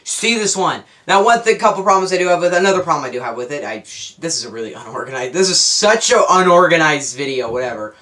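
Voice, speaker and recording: A man's voice: fairly high pitch, fast talker, few pauses, pushed and bright. A young man giving a casual, unscripted movie review, rambling and correcting himself as he goes. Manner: rambling, self-correcting, enthusiastic.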